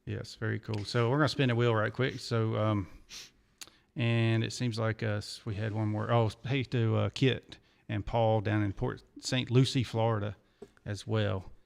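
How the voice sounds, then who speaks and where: Man, host, low voice, gravelly, reads viewer comments, casual. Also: little pitch movement, a little slow. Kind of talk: casual show hosting.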